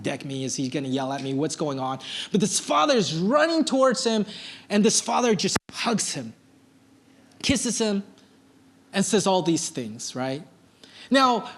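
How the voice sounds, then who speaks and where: A male pastor preaching a sermon, telling a personal story in a casual, animated way with plenty of filler words. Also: high voice. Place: church service.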